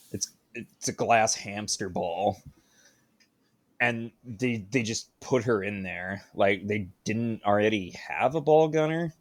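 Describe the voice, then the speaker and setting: A man co-hosting a podcast in casual film discussion, swearing freely and asking incredulous questions. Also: lowish voice. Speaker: podcast co-host.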